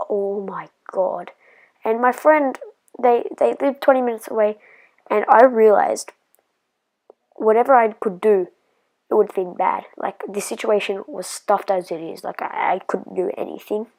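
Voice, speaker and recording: A woman's voice: fairly high pitch, fairly even intonation, unhurried, low-quality recording. A woman telling a personal story in a casual vlog, rambling and hesitant with lots of fillers, sometimes dropping to a whisper.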